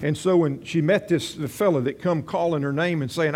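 A man's voice: fairly high pitch, brisk, darkish tone. A man preaching a sermon in a folksy, conversational way, with storytelling and rambling asides. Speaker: pastor.

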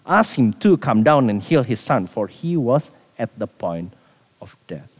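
Animated male preacher in an echoey hall. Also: medium pitch, a little slow, husky. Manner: animated preaching with repetitions, dropping to quiet for emphasis. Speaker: pastor. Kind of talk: sermon.

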